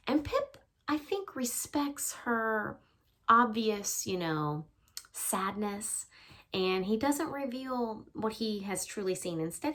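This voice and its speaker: A woman's voice: medium pitch, fairly bright tone. A woman English teacher giving a chatty literature lesson, explaining with casual fillers.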